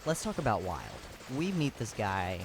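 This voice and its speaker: Male comedic ranter, lowish voice, swears freely, sarcastic slangy recap, noisy recording. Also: very animated, moderate pace. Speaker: youtuber recapping an anime.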